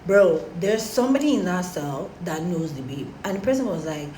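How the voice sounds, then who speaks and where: A young woman telling a story casually to her followers, animated and slangy. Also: lowish voice, normal speed, slight background noise. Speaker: storytime vlogger. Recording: roomy echo, faint background.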